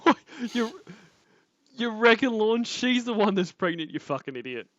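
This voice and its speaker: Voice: medium pitch, very animated, moderate pace, no echo, dull audio. A streamer reacting to prank calls, swearing freely and breaking into helpless laughter. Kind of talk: casual live-stream commentary.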